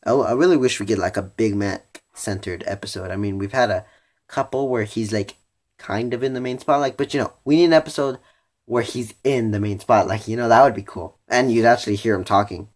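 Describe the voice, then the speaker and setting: A man's voice: on the low side, a little fast. A teenage boy in a casual video review, rambling with many "you know"s and "like"s, restarting his sentences as he thinks aloud. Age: teens. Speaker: vlogger reviewing a cartoon episode.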